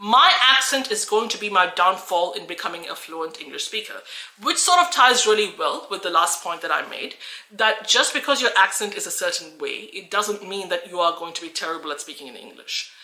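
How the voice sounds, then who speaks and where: A woman's voice: fairly low pitch, expressive, a little fast, bright, forceful tone, reverberant, poor audio. A woman from Australia who coaches English, talking earnestly and encouragingly to camera with frequent restarts. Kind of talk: talking-head video.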